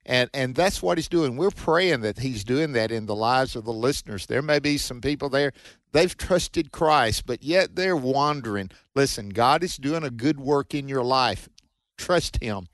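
A man's voice: mid-range voice, no echo. A man co-hosting a Bible teaching radio show, reading scripture aloud and commenting in an earnest, preacherly way.

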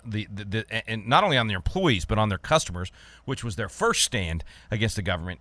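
A man from Texas hosting a talk radio show, talking fast and emphatically with frequent repeated words. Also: lowish voice, pushed and bright, no room sound.

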